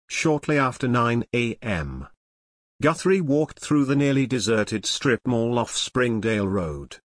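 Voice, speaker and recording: A man reading scripted true-crime narration in a measured, expressive storytelling manner. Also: mid-range voice, dry recording, clean studio sound.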